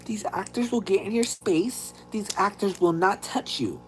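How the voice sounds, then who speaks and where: A woman's voice: medium pitch, normal speed, slight background noise, pitched above the performer's own voice, lightly acted. A streamer mimicking a stern adult woman who announces the rules of a haunted hayride in a formal manner. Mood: announcing.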